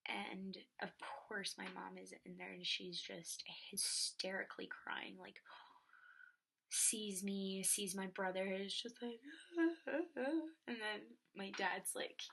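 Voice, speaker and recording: A young woman telling a personal story in a soft, often whispery voice, with many filler words. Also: medium pitch, steady tone, slow pace, gravelly. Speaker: vlogger.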